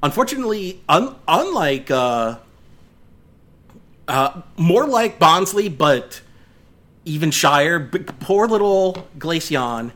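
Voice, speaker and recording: A man's voice: a little high, big pitch swings, slow, fairly bright tone. A man in his thirties narrating a tabletop game as game master, rambling with lots of fillers and restarts. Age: 30s.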